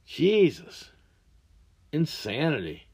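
A podcast host with a drawl rants about whatever angers him, swearing hard and often. His voice sits a little high for a man, and his talk is crude and heated. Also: huge pitch swings, slow pace, a little mellow, breathy edge. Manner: crude, angry, ranting with heavy swearing. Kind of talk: profane rant monologue.

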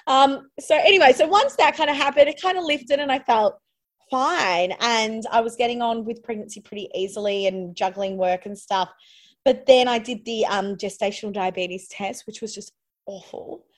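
An Australian woman, her voice sitting a bit high, tells her story in a loose, chatty way. She fills her sentences with little "likes" and keeps the conversation flowing easily. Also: normal speed. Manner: chatty, lots of "like" fillers, laughs while telling. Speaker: podcast guest. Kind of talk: casual personal storytelling.

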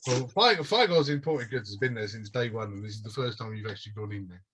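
A man's voice: on the low side, expressive, fast, noisy background. A man running a tabletop role-playing game as game master, describing scenes in a rambling way and searching for words.

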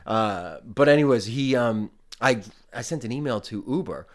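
A man's voice: mid-range voice, animated, moderate pace. Rambling, chatty man telling a story. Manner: rambling, filler-heavy, retells exchanges in dialogue. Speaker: podcast guest, comedian and rideshare driver. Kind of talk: casual storytelling chat.

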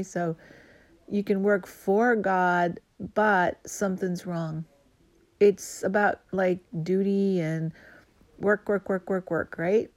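A woman minister preaching a sermon, earnest and emphatic, slowing down to stress key phrases. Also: mid-range voice, darkish tone, no room sound.

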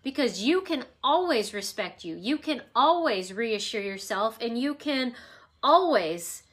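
A woman's voice: on the high side, expressive, a little slow, fairly bright tone. A woman hosting an emotional wellness talk at home, teaching in a rambling, reflective, conversational way with personal stories. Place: at home with her dog nearby.

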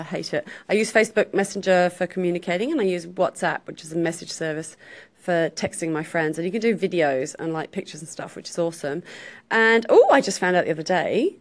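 An Australian woman calling in to a show with a breezy, upbeat voice message. Her voice sits a little low for a woman. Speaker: caller. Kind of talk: recorded voice message.

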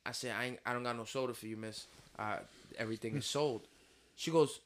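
A man's voice: medium pitch, steady tone, a little fast, fairly bright tone. A man hosting a casual podcast chat, telling work stories in a laid-back way and laughing easily.

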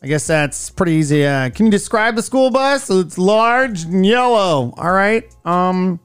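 A man's voice: high-pitched, unhurried, clear, resonant tone, soft background music. A middle-aged man co-hosting a radio show, chatting casually and telling stories with lots of expression. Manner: animated storytelling, acts out voices. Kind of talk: casual chat.

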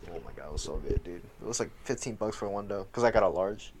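A young man with a low voice, chatting slangily with friends and laughing often. Faint background noise sits under the recording. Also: quick pace, a little mellow. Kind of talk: casual chat.

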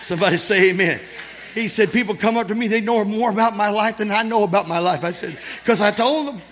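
Male pastor, middle-aged, high bright voice, exhorting sermon with folksy asides. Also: fast talker, slight background noise. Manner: exhorting, calls for shouts and amens; folksy storytelling with his congregation.

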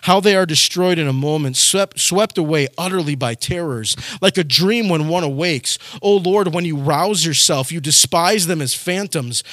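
A man's voice: fairly high pitch, normal speed, few pauses, fairly bright tone, no echo, clean studio sound. A man preaching a sermon, reading scripture aloud and then urging his listeners with rising intensity. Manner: earnest, rising to urgent exhortation.

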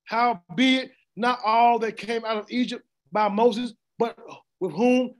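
A man's voice: extremely high pitch, steady tone, slow. A man preaching an interactive Bible teaching, asking the congregation questions and repeating words as he reads scripture. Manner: call-and-response questioning, stammering repeats. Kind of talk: interactive sermon.

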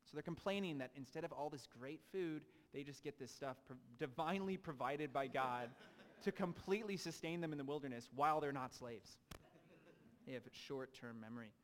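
A man's voice: on the high side, normal speed, long reverb tail. A young adult man preaching a sermon, reading scripture aloud and breaking in with casual asides. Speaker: pastor.

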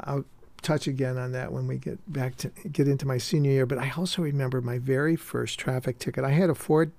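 An older man telling stories from his high school years, rambling and halting, with restarts and chuckles. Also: creaky, mellow, no echo. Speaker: storyteller recalling his youth. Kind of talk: personal reminiscence.

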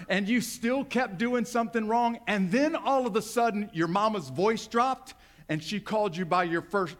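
A man's voice: sits high, a bit bright. A male pastor preaching a sermon, talking directly and conversationally to his congregation.

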